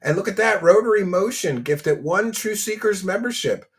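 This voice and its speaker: A man's voice: high voice, lively intonation, moderate pace. A man hosting a casual commentary stream, mocking his subject, laughing often and thanking donors by name.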